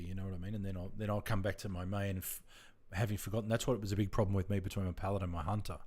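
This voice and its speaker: A relaxed Australian man talks loosely to his live chat while he plays. His voice sits fairly low, and he rambles from one thought to the next with plenty of fillers. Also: fast, hardly any pauses. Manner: rambling, laid-back, chatting with viewers. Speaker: game streamer. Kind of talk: casual live-stream chat.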